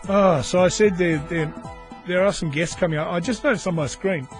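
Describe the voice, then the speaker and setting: An Australian man hosting a casual solo podcast, sardonic and sweary, with lively asides. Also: sits high, a little fast, faint music behind. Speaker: podcast host.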